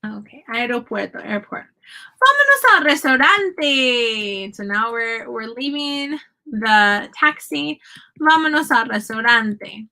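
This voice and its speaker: A woman's voice: on the high side, creaky, sharp tone, poor audio. A woman teaching a casual Spanish lesson from home, saying Spanish phrases and their English meanings in a chatty, patient way. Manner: chatty, explains slowly, switches between Spanish and English phrases.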